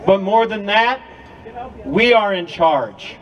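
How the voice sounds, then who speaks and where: A man's voice: high-pitched, lively intonation, takes it slowly, muffled recording, heavy background noise. A man giving an impassioned speech to a crowd at an outdoor rally, with a preacher-like cadence. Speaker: rally speaker.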